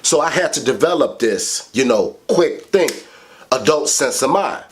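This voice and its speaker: A man telling a childhood story to camera in a casual, animated way, swearing heavily. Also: unhurried. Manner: animated, profane, heavy swearing; big swings in pitch for emphasis. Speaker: vlogger.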